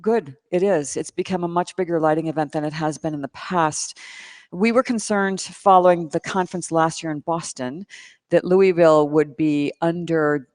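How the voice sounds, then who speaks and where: A woman guest, the conference chair, explaining her field in a casual interview at a conference, lively and enthusiastic with frequent ums. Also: low-pitched, normal speed, dry recording, studio quality. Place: conference venue.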